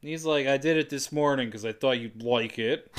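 A man co-hosting a podcast, walking through a movie's plot in casual, profane narration. He laughs often and slips into the characters' lines as he goes, at a middle pitch. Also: normal speed, clear, resonant tone. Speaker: podcast co-host.

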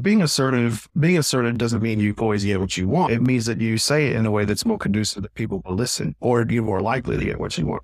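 A man's voice: medium pitch, no room sound. A man speaking in an earnest, explanatory way as a podcast guest, his mid-range voice sitting close and dry. He often checks in with his listener as he makes his points. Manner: earnest, explanatory, lots of "right?" asides. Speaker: guest, communication trainer. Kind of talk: podcast interview.

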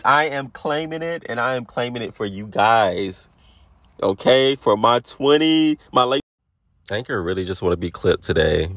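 A man in his late twenties hosting a casual motivational podcast, talking in a relaxed, affirming way and repeating phrases for emphasis. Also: deep voice, no room sound, studio quality. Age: 20s. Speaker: podcast host.

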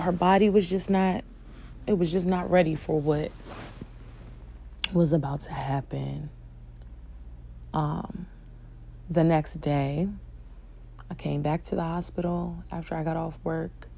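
A young woman telling a personal story in a soft-spoken, hesitant way, with many fillers and restarts. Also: fairly low pitch, gravelly. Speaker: vlogger sharing a personal story.

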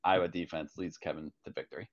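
A man with a very low voice talks in a relaxed, rambling way, full of ums and restarts. The recording is slightly dull and muffled. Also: quick pace. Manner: relaxed, rambling with many fillers. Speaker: fantasy football podcast co-host. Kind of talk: casual chat.

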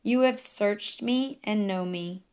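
Woman narrator voicing a devout man, slow solemn scripture reading, memoir audiobook. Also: medium pitch, a little mellow, clean tone, natural voice.

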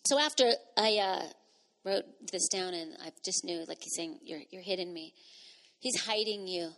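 A middle-aged woman pastor giving a sermon in a conversational way, with laughing asides, dropping to a hush and rising to loud bursts. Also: mid-range voice.

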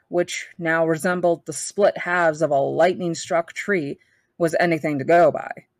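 A woman reading a novel aloud for a book club, steady and now and then correcting herself. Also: lowish voice, no echo.

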